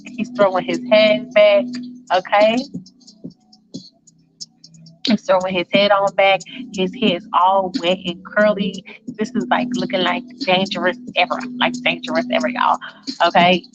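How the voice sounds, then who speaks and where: A woman's voice: medium pitch, fairly even intonation, normal speed, dull audio, music in the background. Chatty woman telling a spicy story. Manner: chatty, repetitive, talks straight to listeners. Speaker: storyteller, show host. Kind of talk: casual fan-fiction storytelling.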